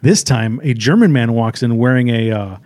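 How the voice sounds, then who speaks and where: A man's voice: mid-range voice, expressive, normal speed, a little mellow. A man co-hosting a movie review podcast, retelling scenes in a rambling way with frequent fillers and laughs. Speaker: podcast co-host. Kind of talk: casual movie review chat.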